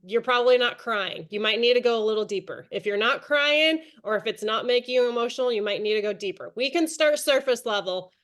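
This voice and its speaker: A woman in her thirties runs a video-call training session, chatty and encouraging as she calls on her team by name. Her voice sits a little on the high side. She talks in a friendly coaching tone. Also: brisk, few pauses, a bit bright. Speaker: direct sales team leader.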